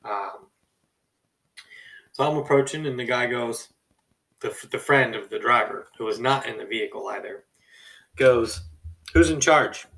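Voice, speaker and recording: A young adult man casually telling a story from his job on a podcast, animated and acting out the people in it. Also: mid-range voice, a little slow, creaky, long pauses, recorded from a distance, low-quality recording. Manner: animated, acts out quoted people with a raised voice. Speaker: podcast host.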